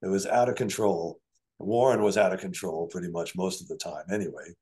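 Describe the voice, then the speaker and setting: A man's voice: sits low, a little fast. An older man telling stories from his career as a musician and producer in a casual interview, acting out quoted voices. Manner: animated storyteller, acts out quoted voices.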